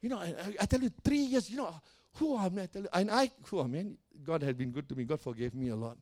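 A man preaching a sermon as pastor of a church, calling out to the congregation and swinging between soft and loud. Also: high-pitched, expressive, fast. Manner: preaching with call-and-response and dramatic swings in volume.

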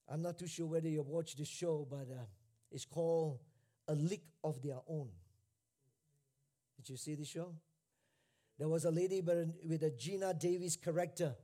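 A male pastor with a high voice delivers a sermon at an unhurried pace. He repeats phrases for emphasis and swings from near-hushed lines to loud, shouted ones.

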